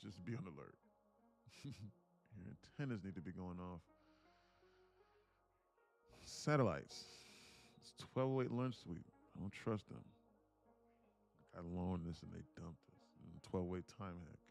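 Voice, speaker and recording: Casual male streamer, low and gravelly, thinks out loud over his trades with mutters and excited spikes. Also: a little slow, long pauses, faint music behind. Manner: talks to himself, muttering then excited bursts, laughs often. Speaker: day trader streaming live. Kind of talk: casual live-stream commentary.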